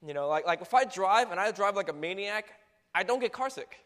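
A young man in a casual storytelling monologue, animated and full of filler words, acting out ride noises. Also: high-pitched, brisk. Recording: long hall reverb.

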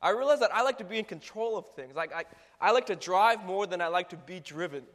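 A young man in a casual storytelling monologue, animated and full of filler words, acting out ride noises. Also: high voice, quick pace. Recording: long hall reverb.

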